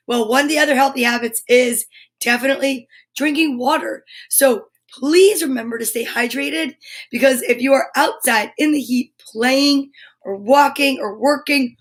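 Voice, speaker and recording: An American woman hosts a live-streamed lesson show for children, sounding bubbly and enthusiastic as she greets young viewers by name. Her voice is high with a fairly bright tone.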